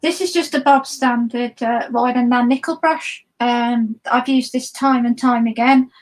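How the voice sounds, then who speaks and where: A woman's voice: a little high, fairly even intonation, a little slow, rough recording. A woman, a guest artist chatting through a live watercolor demo in a rambling, friendly way with many ums and restarts. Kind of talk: live-stream art demo chat.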